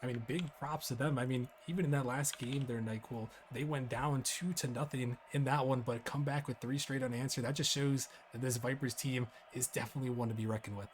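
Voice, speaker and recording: A man's voice: medium pitch, fairly even intonation, brisk, few pauses, slight background noise. A man casting an esports stream in an upbeat, casual commentary style, hyping the next match. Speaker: esports caster.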